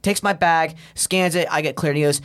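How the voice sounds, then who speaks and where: A man's voice: a little high, moderate pace, fairly bright tone, clear, resonant tone. A young man, a podcast guest, telling a story in casual chat, swearing a lot and acting out the other people's voices.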